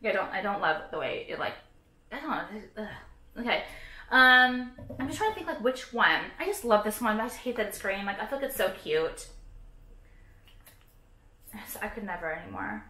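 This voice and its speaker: A woman's voice: mid-range voice, big pitch swings, fairly quick, sharp tone, reverberant. A woman vlogging casually, ranting about products with heavy swearing, sarcasm and lots of "like". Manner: profane, sarcastic, frequent "like".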